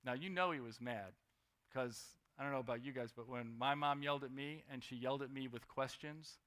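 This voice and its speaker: A young man preaching a sermon, lively, swinging between loud emphasis and quiet asides. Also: mid-range voice, a little fast.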